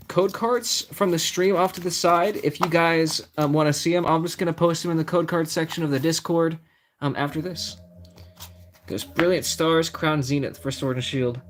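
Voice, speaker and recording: A man's voice: on the high side, normal speed. A young man chatting casually on a live stream, reading out card names as he opens packs and answering his chat. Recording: faint music behind the voice.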